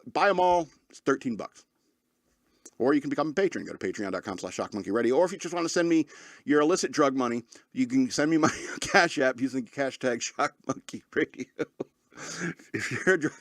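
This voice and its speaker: A man's voice: mid-range voice, dry recording, clean studio sound. A man in his forties hosting his own podcast, telling a rambling comedic story with frequent laughs and mock-angry outbursts. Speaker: podcast host. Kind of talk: casual comedic monologue.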